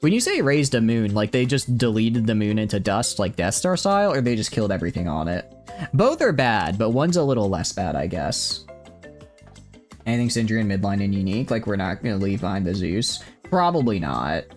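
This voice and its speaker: A man streaming a game live, thinking aloud excitably and chatting with viewers, with hiccups. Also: on the low side, a little fast, soft background music. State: has hiccups. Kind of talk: live gameplay commentary.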